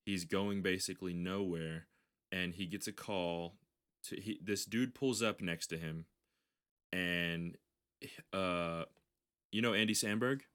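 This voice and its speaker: A man's voice: low-pitched, slow pace, fairly bright tone. A man hosting a podcast, telling a long story in casual chat, rambling and swearing, with frequent restarts. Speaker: podcast host.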